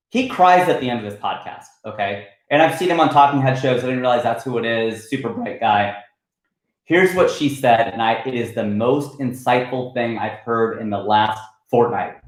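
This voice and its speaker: A comedian hosting his weekly livestream, riffing casually and reading out viewer comments in a lively, animated way. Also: mid-range voice, echoey room, poor audio.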